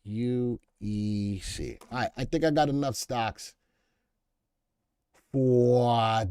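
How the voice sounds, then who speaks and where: A man's voice: mid-range voice, drawn-out words, mellow, smooth, no echo, clean studio sound. A man with a Boston accent hosting a live stock market stream, rambling, repeating himself and answering viewer chat as he goes. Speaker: stock market show host.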